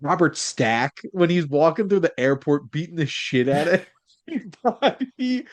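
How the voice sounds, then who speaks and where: A man co-hosting a casual podcast, excitable and jumping up in pitch when he quotes lines. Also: moderate pace, dry recording. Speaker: podcast co-host. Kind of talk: casual chat.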